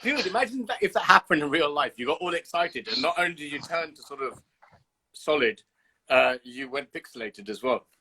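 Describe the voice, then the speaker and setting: A man's voice: fairly high pitch, expressive, fairly quick, bright, forceful tone, breathy edge, low-quality recording. A man hosting a casual livestream chat over a video call, teasing his guest, swearing freely and telling stories with animation. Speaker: host.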